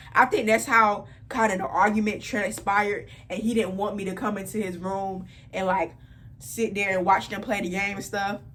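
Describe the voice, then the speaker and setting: A woman in her twenties telling a personal story in a casual vlog, animated and repeating phrases for emphasis. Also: a little high. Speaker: vlogger.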